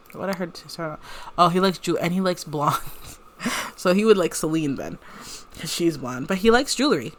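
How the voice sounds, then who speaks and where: A woman giving casual, chatty let's-play commentary on a life-simulation game, giggling often. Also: low-pitched. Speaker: gameplay creator.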